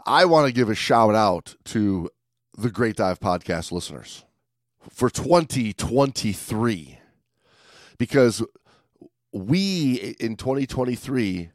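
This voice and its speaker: A man hosting a podcast in casual chat, upbeat and giving shout-outs, often stumbling and restarting his sentences. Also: medium pitch, animated, takes it slowly, no echo, studio quality. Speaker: podcast host.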